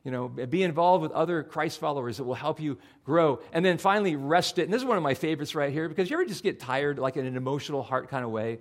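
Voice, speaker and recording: Male pastor, slightly high voice, chatty sermon delivery that acts out his inner voice. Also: fast talker, few pauses. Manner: conversational, animated, acts out his own inner voice.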